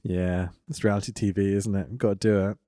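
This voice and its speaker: A man co-hosting a podcast in casual comedic chat, sarcastic and quick to laugh. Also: low voice, flat delivery, mellow, no echo, clean studio sound. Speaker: podcast co-host.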